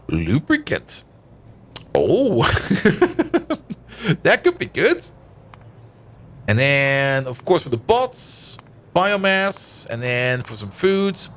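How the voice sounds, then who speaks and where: A man's voice: medium pitch, wildly swooping pitch, slow pace, pauses often, fairly bright tone. A man in his thirties with a Dutch-German accent who grew up in Germany, casually thinking aloud as he streams a game and chats with viewers. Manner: thinks aloud while playing, chatty, laughs easily. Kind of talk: casual let's-play commentary.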